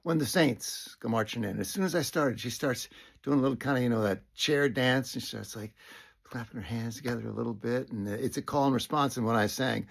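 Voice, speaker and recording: A middle-aged man telling a personal story in a reflective way, often restarting and dropping into soft whispers. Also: medium pitch, a little fast, gravelly.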